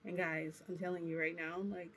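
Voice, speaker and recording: High-voiced man telling a rambling story. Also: little pitch movement, normal speed, a bit bright, slight background noise. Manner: rambling, quotes dialogue with "I'm like". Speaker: vlogger. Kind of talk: casual storytelling monologue.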